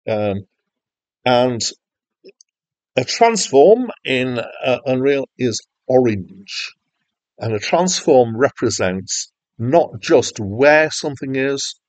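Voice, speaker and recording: A man's voice: mid-range voice, no room sound, poor audio. A man teaching game development over a screen recording, chatty and self-deprecating, with frequent filler words. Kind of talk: screen-recorded software tutorial.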